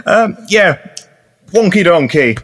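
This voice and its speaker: A man's voice: sits high, very animated, slow pace, fairly bright tone, pitched above the performer's own voice, heavily acted. A man voicing a brash, crude, swearing male vampire baron, in a tabletop game.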